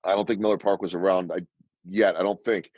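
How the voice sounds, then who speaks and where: A man's voice: deep voice, steady tone, fairly quick, a little mellow, no echo, highs cut off. A man in his fifties, a sports broadcaster guest telling stories in an interview and acting out the lines he quotes. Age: 50s. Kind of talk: storytelling interview answers.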